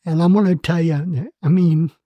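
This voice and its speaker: A man in his eighths decade, a Marine veteran, telling his story in an oral-history interview, halting and emotional with many fillers and restarts. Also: a little high, fairly even intonation, dry recording, dull audio. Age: 80s.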